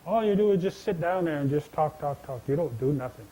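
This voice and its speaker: A man's voice: a little high, lively intonation, brisk, warm tone, low-quality recording. A man voicing a scornful male moon who dismisses a frog in a told legend.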